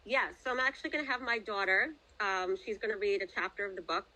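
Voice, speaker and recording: Middle-aged woman guest author, casual and hesitant, bright voice. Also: mid-range voice, quick pace, low-quality recording. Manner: chatty, hesitant, many fillers. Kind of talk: casual podcast interview.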